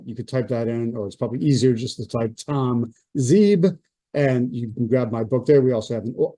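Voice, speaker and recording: A man hosting a real estate event, pitching his podcast, book and app in an upbeat, salesy way with some fillers. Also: dark tone, no room sound. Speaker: real estate trainer and host. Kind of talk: promotional talk to an audience.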